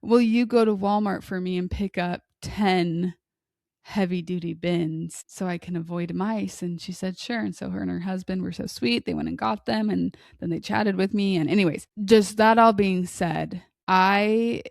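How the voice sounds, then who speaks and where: A woman's voice: mid-range voice, steady tone, moderate pace, gravelly, a little mellow, dry recording, studio quality. A woman in her thirties co-hosting a podcast, telling long rambling stories in casual chat. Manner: chatty, rambling storyteller. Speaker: podcast co-host.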